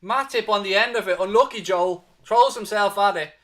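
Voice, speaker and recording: An Irish man from Dublin calls a football match live for a fan stream, his voice bright and forceful and a bit higher than most men's. He talks animatedly and swears freely, and he keeps pushing viewers to stay positive. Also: normal speed. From Ireland. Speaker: fan watchalong host. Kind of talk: live match commentary and chat.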